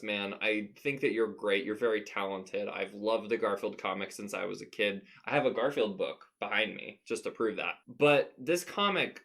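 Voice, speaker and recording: A man's voice: on the low side, gravelly, fairly bright tone. A man casually reviewing comic strips, rambling and laughing as he reads them out. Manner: rambling, laughs at his own reading. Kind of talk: casual commentary.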